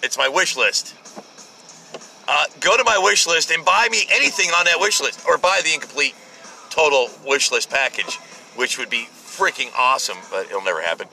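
Gravelly, bright-voiced male podcast host. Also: on the high side, lively intonation, moderate pace, soft background music, rough recording. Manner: profane, joking, rambling. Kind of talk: rambling solo podcast chat. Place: car at a drive-thru.

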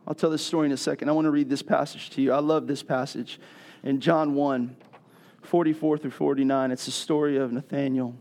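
A middle-aged man preaching a sermon, telling a personal story and building to loud, emphatic passages. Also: mid-range voice, steady tone, brisk. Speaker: pastor.

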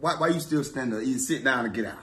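A man playing a loud, boastful football fan who collects his bets and taunts the losers in a comedy sketch. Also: medium pitch, fast talker, a crowd in the background, close to an everyday voice. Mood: teasing. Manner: shouting, gloating, teasing.

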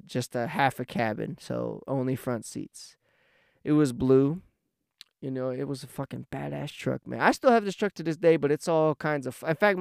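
A young man telling a rambling, profane story about his life in a casual, animated way. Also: medium pitch, clean tone, no echo, clean studio sound. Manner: profane, rambling, animated when he gets heated.

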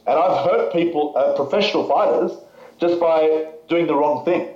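A man's voice: on the high side, moderate pace, a little mellow. A man speaking frankly as a podcast guest, rambling with fillers and restarts. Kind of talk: casual conversation. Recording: echoey, slightly dull audio.

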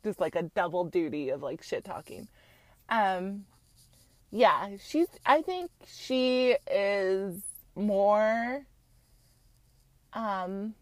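A woman's voice: medium pitch, animated, very slow, long pauses, no echo. A young woman from Utah, chatting frankly and casually as a podcast host, with lots of fillers and blunt swearing. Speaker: podcast host recapping a reality show. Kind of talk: casual chat.

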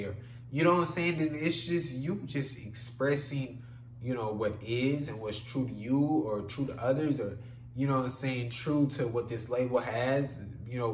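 Rambling profane man in an echoey room. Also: mid-range voice. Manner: rambling, profane, repeats "you know what I'm saying". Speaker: podcast host. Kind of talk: solo podcast monologue. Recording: echoey room with faint hum.

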